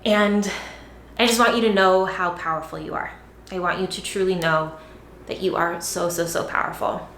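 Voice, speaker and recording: A woman's voice: lowish voice, fairly even intonation, normal speed, fairly bright tone, roomy sound, a little hiss or hum. A woman fitness coach talking casually to her viewers, encouraging and repetitive, often tagging sentences with "right?". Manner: encouraging, repeats herself with lots of "right?" and "like". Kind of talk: casual direct-to-camera vlog.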